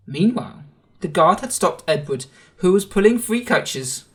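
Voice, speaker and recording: Man, storyteller, children's story, slow, lively intonation. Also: high-pitched. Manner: gentle, expressive read-aloud.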